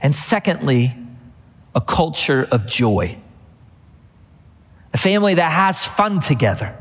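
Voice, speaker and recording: A man's voice: on the high side, very animated, measured pace, breathy edge, big-room sound. A middle-aged man preaching a sermon as pastor, telling a family story and building to emphatic repeated refrains.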